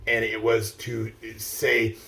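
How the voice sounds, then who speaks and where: This middle-aged vlogger speaks slowly in a lowish, fairly bright voice, delivery completely flat. Standing still outside, he rambles to viewers with frequent swearing, restarts and fillers like "like" and "uh".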